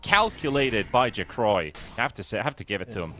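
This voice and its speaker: Bright-voiced male esports caster. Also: on the low side, sing-song, soft background music. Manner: quick play-by-play, joking and laughing with his co-caster. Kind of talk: live game commentary.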